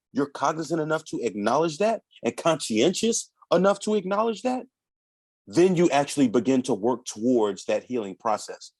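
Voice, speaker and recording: A man in his thirties, a podcast guest, talking through parenting stories in a lively, conversational way and now and then acting out his children's voices. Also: a little high, breathy edge, dry recording. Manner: animated storytelling, acts out his kids' voices.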